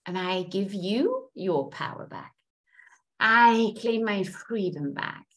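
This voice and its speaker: Slow, lively-pitched woman coach. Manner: slow, repetitive, affirming chant-like phrasing. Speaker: group coach leading a tapping exercise. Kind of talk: guided affirmations with tapping.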